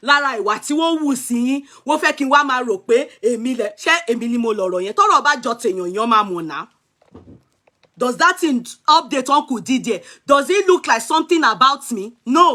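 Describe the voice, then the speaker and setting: A young Nigerian woman with a Yoruba-speaking accent hosts a gossip livestream. She scolds her viewers in an animated way and mixes Yoruba and English as she talks. Her voice is high and bright. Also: quick pace. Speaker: gossip show host.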